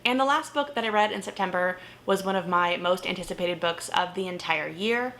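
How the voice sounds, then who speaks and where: A young woman vlogger giving casual, animated book reviews, often exasperated, laughing and swearing. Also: lowish voice, fairly quick, a little hiss or hum.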